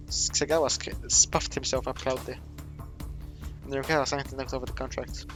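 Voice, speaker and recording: A man's voice: medium pitch, steady tone, fast talker, music in the background. A man reading a visual novel aloud for a let's play, voicing every character himself in a casual way and often stumbling and correcting his words. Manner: reads all the characters himself with little voice change, stumbles and self-corrects. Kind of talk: casual read-aloud of game text with asides.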